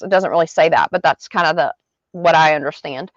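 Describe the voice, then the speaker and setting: A woman's voice: deep voice, a little fast, no room sound. Chatty woman teaching a Bible study. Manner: chatty, reads scripture then explains in everyday words. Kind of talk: casual Bible study commentary. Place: garden, outdoors. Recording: dull lo-fi dry sound.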